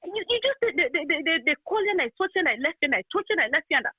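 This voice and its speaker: A woman's voice: very high-pitched, sing-song, rapid-fire, pushed and bright, no echo, rough recording. A woman from Sierra Leone with a Krio accent, calling in to a phone-in show and complaining in a rambling, indignant way. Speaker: caller. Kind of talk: phone-in call, heated complaint.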